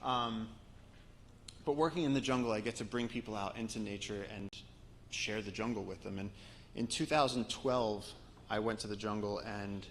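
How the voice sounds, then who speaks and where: Gravelly low-voiced man telling stories. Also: a little hiss or hum, poor audio. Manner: conversational anecdotes with frequent restarts. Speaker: guest speaker and author. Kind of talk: storytelling talk to a live audience.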